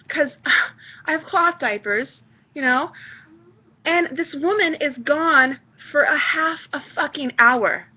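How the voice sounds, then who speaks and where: A woman's voice: high-pitched, slow pace, muffled recording. A young mother ranting on her vlog, exasperated and swearing freely. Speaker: vlogger, mother.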